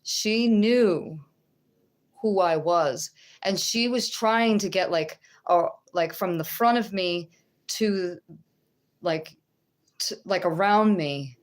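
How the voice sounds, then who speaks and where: Middle-aged woman, low and unhurried, halting conversational religious testimony. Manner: conversational, checks in with the listener; halting, with restarts. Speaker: religious teacher.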